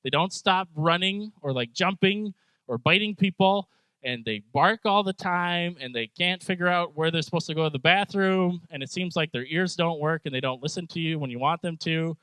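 A man giving a casual devotional talk, animated and joking, with self-deprecating humor. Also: on the high side, clear, resonant tone, no room sound, low-quality recording. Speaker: Bible teacher.

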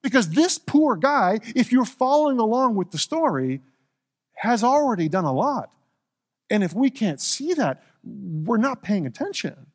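A male pastor preaching a relaxed sermon with playful, joking asides. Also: high-pitched, measured pace.

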